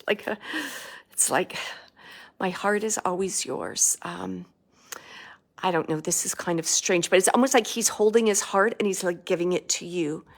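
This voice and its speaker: Woman, medium, relaying spirit messages, halting delivery, soft and searching. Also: mid-range voice, vocal fry. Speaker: psychic medium. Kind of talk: channeling messages for a sitter.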